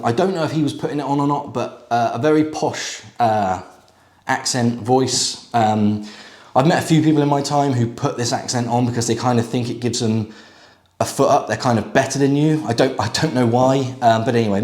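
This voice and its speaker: A man's voice: medium pitch, a little mellow. Chatty man in an echoey room. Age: middle-aged. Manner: chatty, conversational, with frequent fillers and asides. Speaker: used car dealer. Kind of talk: casual storytelling to camera.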